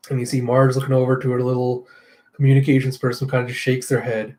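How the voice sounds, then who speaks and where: A man casually reading a comic aloud, narrating panels with relaxed asides. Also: mid-range voice, fast talker. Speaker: comic readthrough host.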